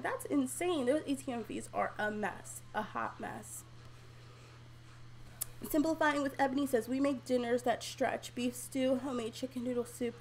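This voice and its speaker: A woman's voice: high-pitched, slight background noise. A young woman hosting a casual home livestream at a desk microphone, reading out viewer comments and chatting with lots of fillers and frequent laughs. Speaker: livestream host.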